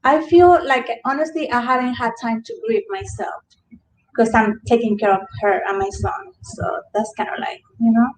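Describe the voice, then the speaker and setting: A mother in a grief group, candidly sharing in a soft, halting way. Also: on the high side. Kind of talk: personal sharing. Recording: roomy with faint background noise.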